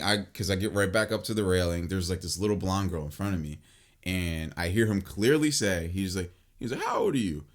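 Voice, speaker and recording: A man in his late twenties hosting a podcast, telling a long story in a casual, animated way, full of swearing and "like". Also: sits low. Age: late 20s. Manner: animated and profane, filled with "like" and restarts. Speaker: podcast host.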